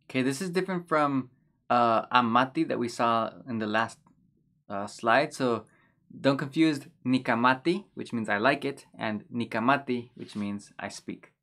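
A male teacher walks through new words in a steady, middle-pitched voice. He says each term slowly and patiently more than once. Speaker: language teacher. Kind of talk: explaining vocabulary over slides.

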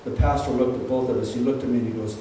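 A man preaching a sermon as pastor, telling a story that builds into fervent, shouted preaching. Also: mid-range voice, steady tone, rapid-fire, slight background noise. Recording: echoey room, distant mic.

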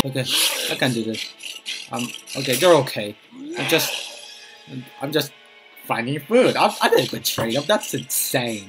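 A man hosting his own gaming channel, giving flustered, excitable let's-play commentary that often repeats itself. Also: mid-range voice, moderate pace, long pauses, over music.

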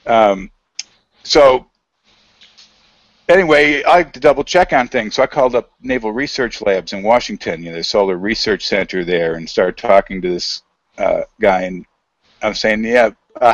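A man telling a rambling story in a casual, halting way, full of fillers and quoted dialogue, over a video call. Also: on the low side, no echo, muffled recording. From United States.

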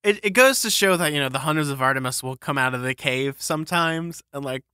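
A man's voice: a little high, a little fast, sharp tone, clean tone, dry recording, studio quality. A man co-hosting a podcast in casual book-discussion chat, rambling and enthusiastic with lots of filler words. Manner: rambling, enthusiastic, full of fillers and pop-culture comparisons. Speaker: podcast co-host.

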